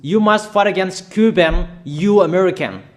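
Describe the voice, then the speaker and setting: Emphatic preacher man with a fairly high voice. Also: normal speed. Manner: emphatic, repeats warnings, addresses nations directly. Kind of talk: prophetic declaration sermon.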